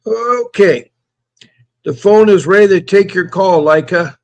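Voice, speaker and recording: A man's voice: sits high, measured pace, creaky. A man hosting a live call-in stream, reading out viewer comments and greeting them by name, chatty and given to repeating himself. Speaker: host of a call-in livestream.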